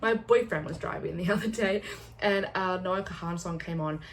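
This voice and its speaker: A young woman chatting casually in a rambling, excitable way, often swearing and laughing as she vlogs. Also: on the low side, normal speed, slight background noise. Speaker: booktuber.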